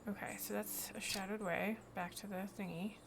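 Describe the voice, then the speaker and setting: A woman's voice: medium pitch, fairly even intonation, moderate pace, vocal fry, noisy background. A woman streamer chatting casually to herself and her viewers as she plays a game. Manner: chatty, talks to herself and the chat. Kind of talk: casual gameplay commentary. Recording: game music playing behind.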